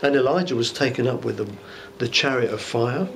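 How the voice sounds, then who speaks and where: Bishop preaching in church: man, mid-pitched, chatty musing sermon, soft hiss underneath. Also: brisk, vocal fry. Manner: conversational and musing, with rhetorical asides. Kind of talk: informal Bible teaching sermon.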